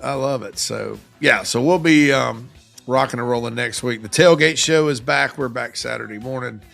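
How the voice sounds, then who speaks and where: A man hosting a sports talk show, chatting casually and joking with quick asides. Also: medium pitch, creaky, a bit bright, faint music behind.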